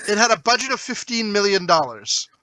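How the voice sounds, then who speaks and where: Male co-host, fact-checker of the group, high and bright, dry close mic. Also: big pitch swings, a little fast, dry recording. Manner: fact-checking, reads out details. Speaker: podcast co-host. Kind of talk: casual chat.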